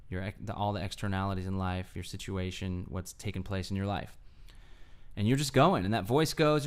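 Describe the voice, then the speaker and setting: Earnest male speaker for a self-help talk; lowish voice, clean and smooth. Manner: earnest, explanatory, often adds "right?". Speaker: mindfulness speaker. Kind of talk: solo talk to camera.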